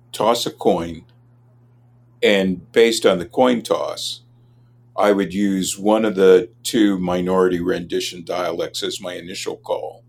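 A man from Los Angeles, a linguist answering interview questions in a measured, academic way. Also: low voice. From Los Angeles, USA. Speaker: linguist, guest expert.

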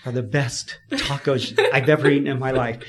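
A man from California, a podcast guest, telling his story in a lively way, laughing often and acting out what people said. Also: medium pitch, normal speed, crowd noise. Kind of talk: storytelling in an interview.

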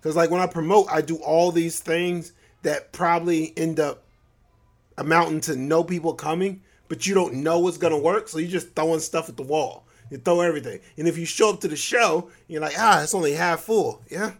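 A man's voice: a little high, steady tone, normal speed. A man hosting a solo podcast, talking loosely and joking, often breaking into laughs. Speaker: podcast host. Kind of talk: casual solo podcast monologue.

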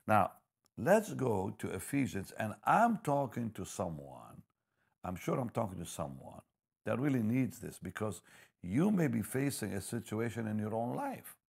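Gravelly deep-voiced male preacher. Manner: swings between hushed storytelling and loud emphatic preaching. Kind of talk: sermon with personal testimony.

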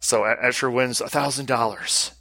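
A man co-hosts a casual podcast, his voice bright and forward. He explains things at length, repeating words as he works through them. The sound is dry and close. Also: mid-range voice, fairly even intonation, moderate pace, no room sound. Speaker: podcast co-host. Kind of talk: casual chat.

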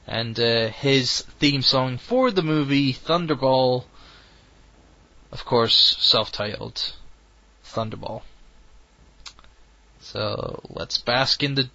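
A radio host talks his way through the end of his show in a slow, loose, chatty ramble. His voice has a bright, pushing edge and sits close and dry. The recording is a little dull and lo-fi. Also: medium pitch, dry recording. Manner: rambling, self-correcting, chatty. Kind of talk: casual radio sign-off chat.

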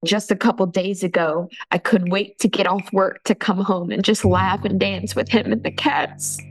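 A woman telling her own painful story as a podcast guest, halting often and restarting her sentences. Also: medium pitch, fairly even intonation, slightly rough, low-quality recording. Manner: halting, with many restarts and fillers. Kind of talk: emotional personal account.

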